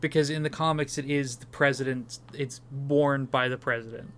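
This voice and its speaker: Smooth-voiced young man chatting about movies. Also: mid-range voice, fairly even intonation, a bit bright. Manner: enthusiastic, swears casually, quick asides. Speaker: podcast co-host. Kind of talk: casual movie review chat.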